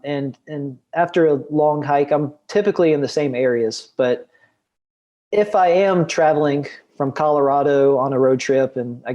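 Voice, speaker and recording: A man's voice: medium pitch, mellow, lo-fi sound. A young man, a guest outdoor educator, talking in a rambling casual podcast chat full of fillers and restarts.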